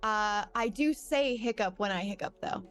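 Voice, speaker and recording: A woman's voice: mid-range voice, normal speed, faint music behind. A woman player chatting casually at a game table, telling a self-deprecating story.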